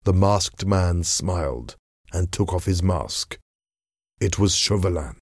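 A man narrating a storybook in a measured, deliberate way. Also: sits low, lively intonation, husky, dry recording, studio quality. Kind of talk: storybook reading.

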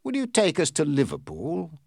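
A man voicing a calm, precise gentleman traveler who speaks formally and evenly. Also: a little high, normal speed, vocal fry, dry recording, clean studio sound, pitched above the performer's own voice, heavily acted.

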